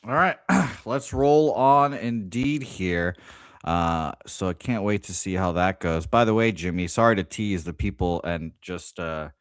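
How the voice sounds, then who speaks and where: A man co-hosting a sports betting show, talking casually in an upbeat, polite and slightly halting way. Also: deep voice, clean tone, no room sound, studio quality.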